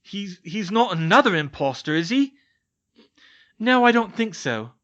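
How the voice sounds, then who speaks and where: A man's voice: high-pitched, big pitch swings, a little slow, sharp tone, voice pushed up, full character voice. A man voicing an anxious, clever young witch who speaks urgently. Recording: dull lo-fi sound.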